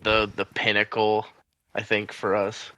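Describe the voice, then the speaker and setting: A man's voice: on the low side, monotone, unhurried, pushed and bright, no room sound, poor audio. A man from Iowa co-hosting a casual podcast, rambling with many likes and you knows. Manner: rambling, heavy on like and you know. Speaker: podcast co-host.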